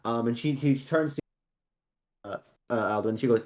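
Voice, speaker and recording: A man's voice: medium pitch, normal speed, long pauses, darkish tone. A man narrating a tabletop game as game master, loose and chatty with many fillers.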